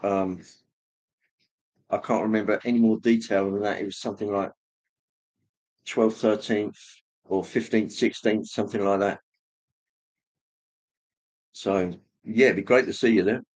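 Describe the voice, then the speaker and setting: Slow, low-voiced man chatting. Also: steady tone, darkish tone. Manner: slow, rambling, hesitant with many fillers. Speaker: livestream host reading chat. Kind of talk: casual chat.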